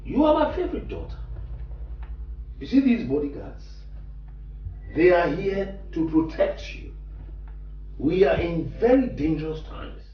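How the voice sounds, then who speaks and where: An actor with a Ghanaian English accent playing a protective father who speaks slowly and solemnly in a film drama. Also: sits high, sing-song, soft background music. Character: protective middle-aged father, grave and earnest. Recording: echoey room, distant mic, dull sound, faint hum.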